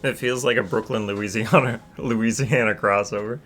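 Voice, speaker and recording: A woman's voice: very deep voice, fairly even intonation, moderate pace, faint music behind. A woman giving casual game commentary with offhand, joking asides. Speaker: gaming streamer.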